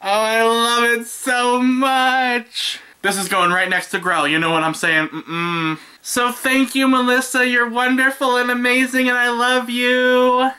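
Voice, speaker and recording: A young woman vlogging from her room as she unboxes a gift, excitable and quick to squeal, laugh and swear. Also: a little high. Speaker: YouTuber opening a gift. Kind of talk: casual unboxing vlog. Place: her own room at home. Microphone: camera on a stand in front of her.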